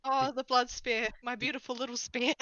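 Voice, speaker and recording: A woman playing a tabletop game, chatting casually, animated and quick to laugh. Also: fairly high pitch. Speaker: player. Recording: dull lo-fi stream mic.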